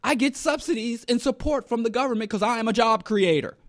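High-pitched guy going off in a sarcastic rant, lots of slang, hammering his points. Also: fairly quick. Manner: emphatic, sarcastic, streetwise slang. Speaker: commentator. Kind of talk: ranting political monologue.

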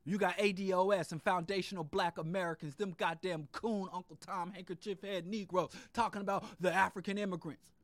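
Male host, very high pitch, dry recording; fiery, profane monologue that builds in repeated lists and drops to low asides. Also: fairly even intonation, fairly quick, few pauses, no echo. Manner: swings between loud outbursts and low muttered asides. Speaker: podcast host. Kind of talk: impassioned political monologue.

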